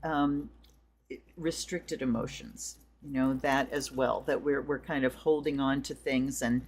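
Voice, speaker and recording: A woman hosting a tarot and astrology livestream, chatting in a rambling way with viewers and then leading a slow blessing. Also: rumbling low, fairly even intonation. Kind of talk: casual livestream chat and ritual blessing.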